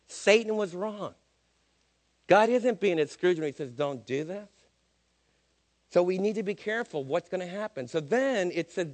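A man's voice: on the high side, big-room sound. An older man preaching a sermon, emphatic and questioning his listeners.

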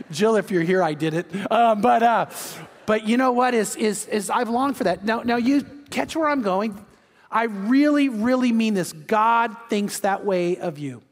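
Older male pastor, high voice, reverberant hall. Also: expressive, measured pace. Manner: warm anecdotal storytelling, then emphatic preaching. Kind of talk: sermon with storytelling. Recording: long reverb of a large hall.

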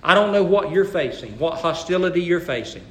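A high, bright male voice delivers a sermon with dynamic swings, dropping to near-whispers and then rising to forceful, emphatic calls. The sound carries a roomy church echo. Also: lively intonation, fairly quick. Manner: dynamic, swings from hushed low lines to loud emphatic exhortation. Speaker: pastor.

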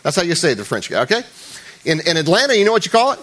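Preaching to his congregation, this male pastor keeps things chatty, teasing his listeners and often starting lines over. He goes loud and high for emphasis, talks rapid-fire, and his pitch swoops wildly.

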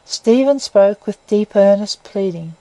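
A woman reading a classic novel aloud as narrator in a measured, even way. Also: mid-range voice, dry recording, low-quality recording.

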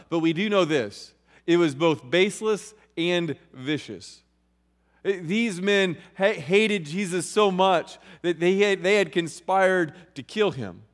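Man, pastor, expository sermon, raised pitch, reverberant sanctuary. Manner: expository preaching, reading scripture aloud and explaining it.

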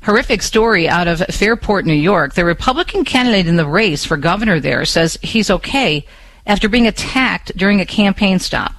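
A man's voice: sits high, animated, moderate pace, fairly bright tone, low-quality recording. A man hosting a radio talk show, speaking with passion and rhetorical questions, adding chatty asides to listeners and reading the news into a studio microphone.

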